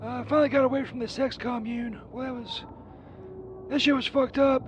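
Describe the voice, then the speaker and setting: A man's voice: very high voice, fairly even intonation, a little fast, noisy background. A man voicing a crude, hapless male wanderer who rambles and swears easily, heard as a phone voicemail. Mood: rambling. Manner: foul-mouthed, rambling, easily riled. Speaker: recurring show character. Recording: dull muffled voicemail line.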